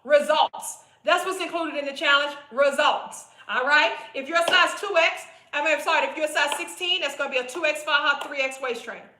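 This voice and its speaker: Addressing viewers directly, a woman weight-loss coach gives a chatty, blunt, repetitive live-stream sales pitch and keeps calling them "boo." Her high voice is pushed and bright, fairly quick with few pauses, and a slight hiss or hum sits under the roomy, echoey audio.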